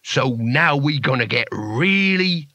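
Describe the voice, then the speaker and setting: A man's voice: medium pitch, animated, slow pace, bright, forceful tone, dry recording. A man doing a snarling, bullying thug leader. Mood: threatening. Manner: snarling, threatening. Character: gruff menacing male thug leader, bullying.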